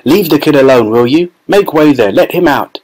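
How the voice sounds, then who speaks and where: A man voicing an excitable, well-fed middle-aged shopkeeper who shouts with excitement in a storybook reading. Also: fairly high pitch, normal speed, pitched above the performer's own voice, low-quality recording. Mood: firm.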